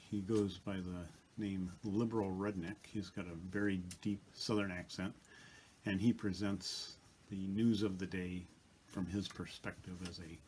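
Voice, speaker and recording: A man's voice: low voice, a little mellow, a little hiss or hum. A man making a casual vlog from a basement back bedroom, talking plainly to the camera into a small tabletop microphone with dry, self-deprecating humor. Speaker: vlogger. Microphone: small tabletop mic on a tripod.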